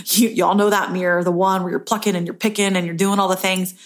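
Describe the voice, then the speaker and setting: A woman's voice: little pitch movement, fast. A woman hosting a casual solo podcast, talking earnestly about self-love and often tagging her points with "right?". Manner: earnest, self-help tone, frequent "right?" tag questions; acts out inner voices in a higher pitch. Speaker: podcast host.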